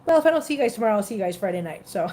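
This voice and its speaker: A woman's voice: medium pitch, very animated, rapid-fire, dark tone. A woman hosting a casual live stream from her home, chatting to viewers about her cats and laughing often. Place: home living room. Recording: roomy home sound with faint background hiss.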